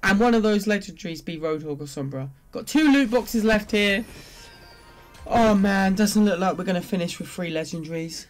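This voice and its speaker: An excitable gamer reacts out loud while opening loot boxes, swinging between glum muttering and sudden shouts. The voice sits in a middle pitch and bounces around a lot. Faint game music plays underneath. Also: normal speed. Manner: complains and pleads at the game. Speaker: gaming video creator.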